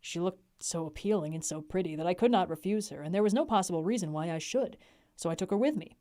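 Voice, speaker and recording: A young adult woman reading a classic novel aloud on a livestream, with an expressive delivery. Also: fairly low pitch, fast talker. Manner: expressive reading, laughs in chat breaks.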